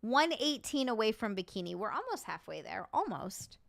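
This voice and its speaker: A woman's voice: a little high, normal speed, creaky. A woman hosting a casual live-chat stream, chatting, joking sarcastically, swearing freely and thanking viewers by name. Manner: animated, sarcastic jokes. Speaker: livestream host.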